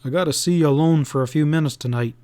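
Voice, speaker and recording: A man voicing a frightened young cowhand in a western audiobook, hurried and stammering. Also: a little high, warm tone, natural voice.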